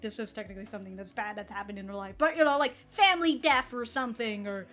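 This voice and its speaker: A woman's voice: mid-range voice, fast, fairly bright tone, faint music behind. A woman hosting an anime reaction video, rambling in casual commentary, laughing often and swearing freely. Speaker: anime reaction channel host.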